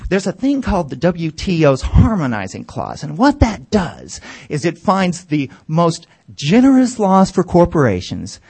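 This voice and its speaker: A man's voice: fairly high pitch, huge pitch swings, unhurried, a little mellow, breathy edge, full character voice. A man in a comic monologue voicing a brash, smug male corporate neighbor who taunts and calls people dude and buddy. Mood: taunting.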